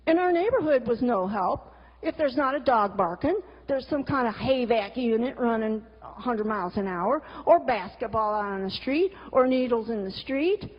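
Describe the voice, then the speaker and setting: A woman's voice: a little high, expressive, moderate pace. A middle-aged woman giving a talk, a frank storyteller who swears freely and throws in exasperated asides. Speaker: cartoonist and teacher giving a talk. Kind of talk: candid storytelling talk with slides. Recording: lo-fi recording with long hall reverb.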